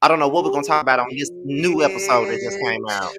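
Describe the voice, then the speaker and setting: A woman's voice: very deep voice, fast talker, a loud crowd. A woman co-hosting a live TV review, talking in a laid-back, drawling, casual way. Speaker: co-host of a live review show.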